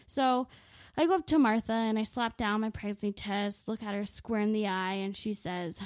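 A young woman in her twenties tells a comic story, swearing freely and mocking herself with dry sarcasm. Her voice sits at an ordinary middle pitch. The recording is dry and close, with no room sound. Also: moderate pace, no room sound. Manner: profane, sarcastic, self-mocking. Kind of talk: comedic storytelling monologue.

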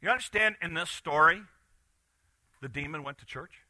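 Bright-voiced pastor preaching. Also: male voice, a little high, normal speed, dry recording. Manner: animated, swings from loud bursts to quiet asides. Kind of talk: sermon.

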